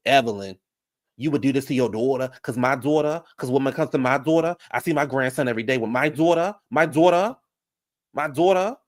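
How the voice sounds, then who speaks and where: A man casually recapping reality TV drama in an animated, profane storytelling manner, jumping up high when he quotes the women. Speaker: reality TV commentator.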